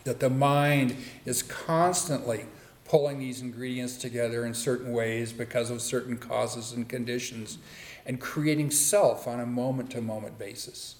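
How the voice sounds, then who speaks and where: A man giving a dharma talk to a live group, conversational and playful, with relaxed asides. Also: medium pitch, moderate pace. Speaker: dharma teacher. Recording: roomy echo.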